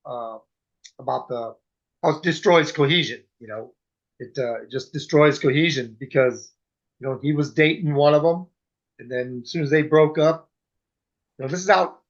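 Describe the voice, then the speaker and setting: A man with a somewhat high voice retells a story in a halting, earnest way, full of pauses. The recording sounds dull and lo-fi. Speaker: veteran, panel member. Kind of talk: casual storytelling chat.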